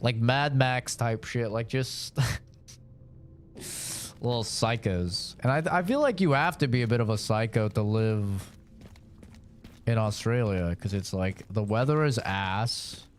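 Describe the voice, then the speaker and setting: A man's voice: medium pitch, animated, slow pace, slight background noise. A man streaming a game, chatting casually in a rambling, joking way with lots of fillers. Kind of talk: casual chat while gaming.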